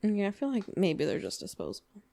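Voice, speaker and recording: A woman's voice: mid-range voice, huge pitch swings, fairly quick, creaky, dark tone. A young adult woman co-hosting a podcast in casual chat, blunt and teasing with a dry wit. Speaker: podcast co-host.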